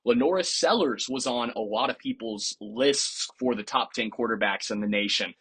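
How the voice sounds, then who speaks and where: A man's voice: mid-range voice, lively intonation, normal speed, a bit bright, slightly rough. A man hosting a podcast, giving casual, opinionated sports commentary with a playfully sarcastic edge. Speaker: podcast host.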